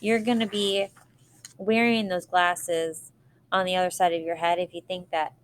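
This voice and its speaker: A woman's voice: fairly low pitch, level tone, moderate pace, a little hiss or hum, lightly acted. A woman reading aloud, voicing a cocky, trash-talking teenage boy who is a soccer star, in a boastful, mocking way.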